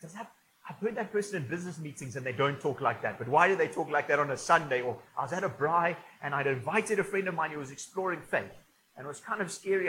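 A man's voice: on the high side, fairly bright tone, a little hiss or hum, rough recording. A man preaching a conversational, humorous sermon in a church. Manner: conversational and humorous, with frequent restarts. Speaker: pastor. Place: church auditorium.

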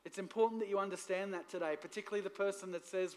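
High-pitched guy pastor giving a sermon in church, lively, keeps asking the crowd for amens. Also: very fast, few pauses. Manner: lively preaching, asks the congregation for responses.

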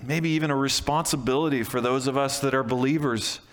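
Conversational pastor with a ringing reverb. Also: male voice, mid-range voice, steady tone, a little fast, a bit bright. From Canada. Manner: conversational, with restarts and emphatic repeats. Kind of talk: sermon.

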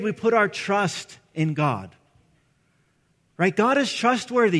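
Middle-aged male pastor, high and earnest, preaching in a church with a long echo. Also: fairly bright tone. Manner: earnest, conversational, frequent "right?" asides. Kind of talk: sermon. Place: church sanctuary.

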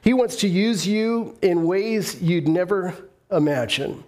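Male pastor, sermon, high voice, emphatic, repeats lines for effect. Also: takes it slowly, darkish tone. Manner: emphatic and repetitive, acts out the voices of reluctant believers; leads the congregation in call-and-response.

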